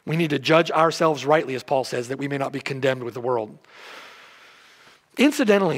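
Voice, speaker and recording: A man's voice: a little high, long reverb tail. A man preaching an expository sermon as pastor, emphatic and full of rhetorical questions. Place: church sanctuary.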